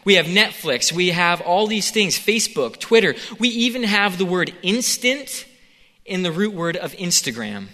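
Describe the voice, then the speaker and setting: A man's voice: sits high, big pitch swings, moderate pace, pushed and bright, in a large hall. A man preaching a sermon in a conversational way, acting out the scene with quoted voices.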